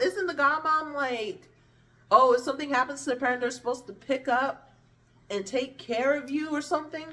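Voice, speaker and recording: A woman's voice: fairly high pitch, brisk, far from the mic. Blunt, profane woman telling a personal story. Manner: blunt, profane and animated, with vivid impressions of others. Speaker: vlogger.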